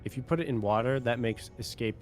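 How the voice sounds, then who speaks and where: A man co-hosting a casual TV review chat, thoughtful and a little halting, with music faintly behind. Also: mid-range voice, darkish tone. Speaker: podcast co-host.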